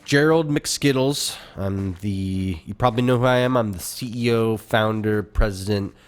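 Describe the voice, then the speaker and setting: A man's voice: fairly low pitch, moderate pace, faint music behind, close to an everyday voice. A man playing a flustered candy company boss who stammers through rambling nonsense explanations.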